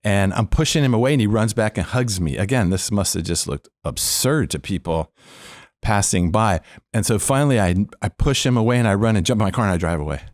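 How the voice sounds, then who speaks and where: A man who used to be a police officer tells a long story in a podcast storytelling interview, acting out the people in it with animation and laughing often. His voice is on the low side and a little fast, captured dry in studio quality.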